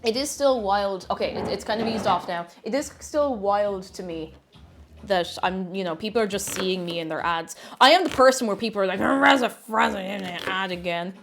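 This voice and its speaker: A woman's voice: medium pitch, lively intonation, fairly quick, fairly bright tone, a little hiss or hum. A woman chatting casually to viewers while cooking on a livestream, greeting them and laughing at herself. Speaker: streamer.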